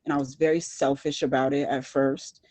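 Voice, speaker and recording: A woman guest talking casually in an interview, rambling with lots of fillers and restarts, and turning animated when she quotes herself. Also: a bass voice, normal speed, no room sound. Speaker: podcast guest.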